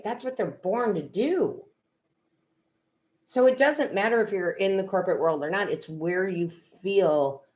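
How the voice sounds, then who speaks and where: A middle-aged woman who works as a tarot reader and medium chats casually on a live stream, reading viewers' comments aloud, laughing and getting emotional. Her voice is fairly low and a little mellow.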